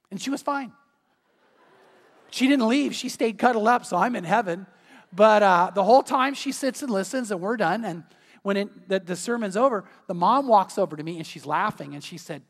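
High-voiced pastor in a reverberant hall. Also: male voice, moderate pace. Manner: storytelling, lively and emphatic. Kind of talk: sermon. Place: church sanctuary.

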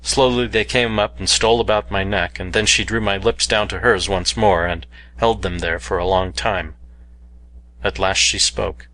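A man's voice: low-pitched, fairly even intonation, moderate pace, sharp tone, low-quality recording. A man reading an adventure novel aloud with earnest, dramatic storytelling. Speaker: narrator. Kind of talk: audiobook narration of an adventure novel.

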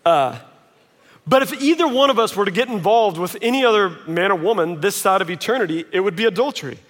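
A man preaching a sermon in a large auditorium, conversational and self-mocking, slipping into animated quoted voices. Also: high voice, fast talker. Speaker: pastor. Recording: long reverb of a large hall.

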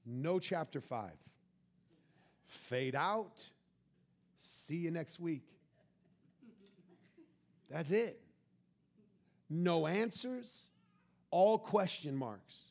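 Man preaching, high voice, animated, acts out the scripture, bursts of loud excitement. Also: drawn-out words, long pauses. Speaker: pastor. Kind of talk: sermon.

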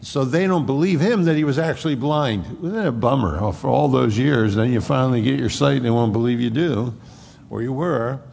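A man preaching a conversational sermon, retelling a scripture story in a folksy, animated way. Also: mid-range voice, fairly quick, gravelly. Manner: folksy and animated, acts out the characters. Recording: echoey hall reverb.

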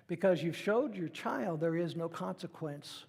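Middle-aged pastor guy preaching casual-like, fairly high voice, big echoey hall. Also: animated, a little slow, gravelly, darkish tone, husky. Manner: conversational preaching, acts out quoted voices. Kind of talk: sermon.

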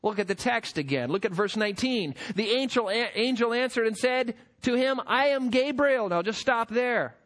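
Lively high-voiced male preacher. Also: normal speed, hardly any pauses. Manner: emphatic, rising to forceful peaks. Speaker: pastor. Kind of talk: sermon.

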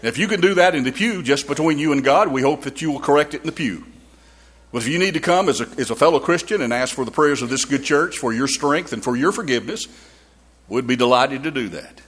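A man's voice: mid-range voice, animated, fast, fairly bright tone, slightly rough. A man preaching a sermon in a church, telling a folksy story with frequent restarts and repeated words.

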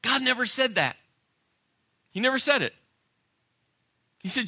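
A male pastor delivers a sermon with emphatic, animated preaching and dramatic pauses. His voice has a very bright, forceful edge. The sound is dry and close. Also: extremely high pitch, creaky, no room sound.

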